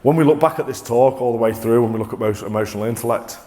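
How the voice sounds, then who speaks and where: A man presenting a motivational talk to a live audience, energetic and coaxing, often restarting mid-sentence. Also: medium pitch, quick pace. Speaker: corporate presenter.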